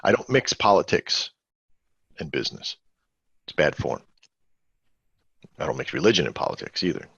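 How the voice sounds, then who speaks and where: Man, low gravelly voice, husky, rambling webinar host, dull lo-fi call audio. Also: very animated, normal speed, long pauses, a bit bright, no echo. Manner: rambling, conversational, asks the audience questions. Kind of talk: casual live webinar teaching.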